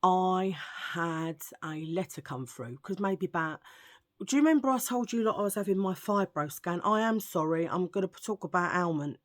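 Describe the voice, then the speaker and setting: A woman's voice: on the low side, animated, normal speed, no echo, clean studio sound. A woman with an English accent, chatting casually and cracking jokes for her viewers, a bit under the weather. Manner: chatty, joking, cheeky asides. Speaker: vlogger. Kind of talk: casual chat.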